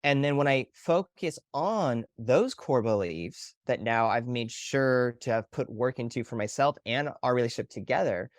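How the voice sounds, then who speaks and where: A man co-hosting a podcast, talking through relationship ideas in a steady, thoughtful way. His voice has a mid-range pitch. The recording is dry and close, with no room sound. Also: moderate pace, few pauses, dry recording. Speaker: podcast co-host, relationship therapist. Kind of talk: casual explanatory conversation.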